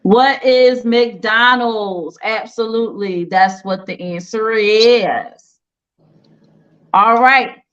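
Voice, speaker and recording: Quiz host, female, playful and teasing, higher voice, unhurried, lo-fi audio. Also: clean tone. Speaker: game show host. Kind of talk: casual quiz hosting.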